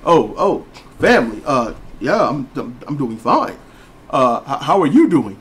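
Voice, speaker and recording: A man voicing a sheepish, proper-talking son who speaks in a hushed, stammering, formal way. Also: mid-range voice, sing-song, measured pace, slightly rough, voice pushed down, heavily acted.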